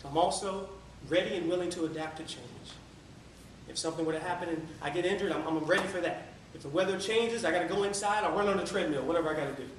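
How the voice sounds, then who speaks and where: Energetic man giving a speech, echoey room. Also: fairly high pitch, fast. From Tampa area. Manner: energetic storytelling, sings a few lines. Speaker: public speaker. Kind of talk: motivational speech. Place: meeting room. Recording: echoey room from far off, faint noise.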